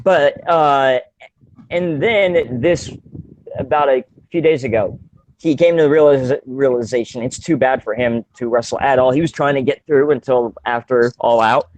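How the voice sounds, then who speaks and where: A man's voice: mid-range voice, moderate pace, a little mellow. A man co-hosting a casual podcast, rambling with many fillers and restarts and laughing often. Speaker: podcast co-host.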